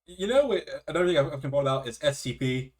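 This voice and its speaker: A man's voice: on the high side, quick pace. A man co-hosting a casual art history chat, reading aloud with restarts and swearing. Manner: animated, swears, trails off mid-sentence.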